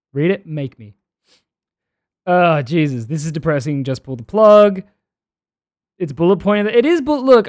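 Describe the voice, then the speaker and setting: This is a man with a fairly high voice, ranting casually on a live stream. He sounds loud, sarcastic and exasperated as he reacts to his chat. The sound is close and dry, with no room echo.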